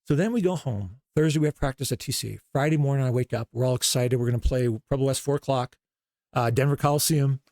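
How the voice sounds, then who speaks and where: A man's voice: mid-range voice, fast, no echo, studio quality. A middle-aged man, a basketball coach as guest, telling stories and acting out quoted dialogue. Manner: animated storyteller, acts out quoted dialogue. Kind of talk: storytelling interview talk.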